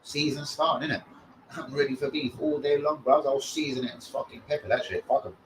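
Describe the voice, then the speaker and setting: A man's voice: medium pitch, fairly quick. A man hosting a live stream, trash-talking in a brash, profane way. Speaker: host of a fan channel. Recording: faint background noise.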